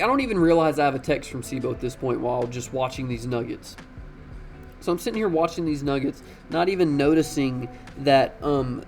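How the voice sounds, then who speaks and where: A young man telling a casual, slangy story in an animated way, swearing freely. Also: mid-range voice.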